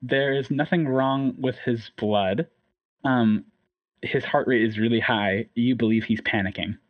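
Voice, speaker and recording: A man's voice: medium pitch, a little slow, no room sound. Matter-of-fact male game master, dull dry mic. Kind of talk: running a tabletop game.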